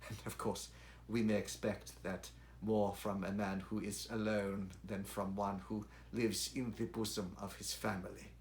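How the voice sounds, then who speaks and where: A man reading the part of a secretive, suspicious, gaunt colonel, his voice dropping low and slow on hushed matters. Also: little pitch movement, a little hiss or hum. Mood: guarded.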